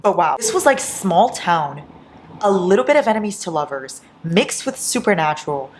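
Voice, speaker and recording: A woman vlogging casually through an all-night reading session, giddy and excitable, laughing often and swearing, tired from no sleep. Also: lowish voice, moderate pace, a little hiss or hum. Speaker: book vlogger.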